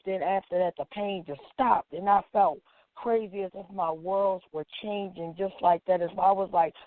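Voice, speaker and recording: A woman activist, appearing as a guest, speaks at normal speed in a medium-pitched voice while recounting an emotional personal story and acting out the dialogue. The tinny, phone-like line is dry, with no room sound.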